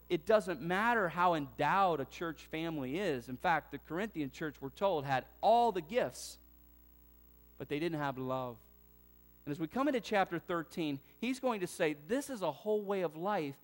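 A middle-aged man pastor preaching a sermon, talking conversationally and then breaking into sudden loud bursts. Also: high voice.

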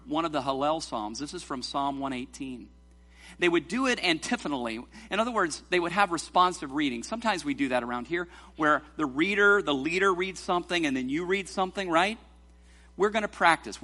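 In a church sanctuary, an animated male pastor preaches in a bright, fairly high voice, stretching scripture out slowly. Afterward he shifts to a playful, teasing tone to guide the congregation in a responsive reading.

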